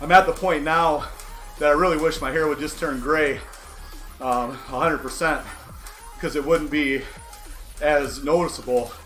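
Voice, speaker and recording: A man's voice: on the high side, measured pace, pauses often, a bit bright. A man in his forties hosting a livestream from an indoor bike trainer, rambling candidly and poking fun at himself. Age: 40s. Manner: candid, self-deprecating, wry. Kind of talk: casual rambling monologue. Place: indoor cycling setup. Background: faint background music.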